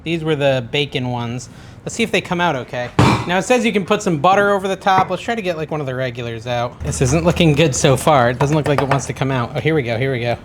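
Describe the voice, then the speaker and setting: A man's voice: fairly high pitch, lively intonation, quick pace, background noise. Chatty man thinking aloud in kitchen. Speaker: cooking channel host. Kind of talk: casual cooking vlog. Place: home kitchen.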